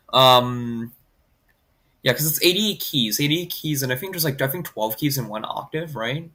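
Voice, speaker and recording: A man's voice: mid-range voice, animated, measured pace, long pauses, bright, forceful tone. A man chatting casually on a livestream, rambling with many filler words and reading comments aloud. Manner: rambling, heavy on "like" fillers, reads chat aloud. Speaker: streamer graphing in Desmos.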